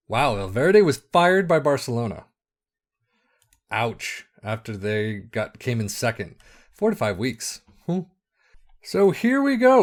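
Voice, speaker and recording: A man giving excitable, exasperated let's-play commentary on a football management game, swearing and talking to himself as the match goes. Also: medium pitch. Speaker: video game streamer.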